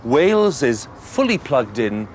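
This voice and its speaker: A man's voice: mid-range voice, sing-song, measured pace, a little hiss or hum. A man presenting a documentary on location, conversational and curious.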